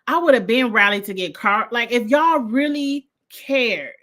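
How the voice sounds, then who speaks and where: A woman, reviewing a reality show in a blunt, animated casual livestream chat with frequent laughter. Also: fairly high pitch. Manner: blunt, animated, laughs often, uses slang.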